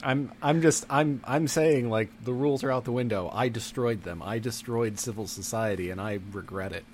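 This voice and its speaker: A man's voice: medium pitch, moderate pace, darkish tone, a little hiss or hum. A man co-hosting a casual podcast, sardonic and swearing casually. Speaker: podcast co-host. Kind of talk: casual chat.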